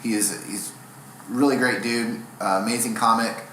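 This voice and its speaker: Speaking at a normal pace in a mid-range voice, a young comic guest tells meandering stories that poke fun at himself during a laid-back interview. His tone is bright and sharp, echoing around the room over a faint hiss.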